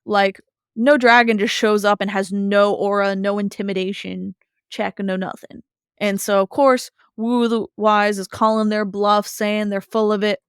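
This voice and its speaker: Telling the story of a cartoon episode with lively energy, this podcast co-host slips into characters' lines now and then during casual conversation. She has a mid-range, clean-toned voice and an unhurried delivery, in a dry, studio-quality recording.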